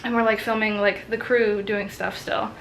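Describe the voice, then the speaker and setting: A woman's voice: mid-range voice, level tone, moderate pace, vocal fry, a bit bright, a little hiss or hum, rough recording. A woman in her twenties, a college student, telling a story in a casual, chatty way, with many fillers and acted-out quotes. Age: 20s.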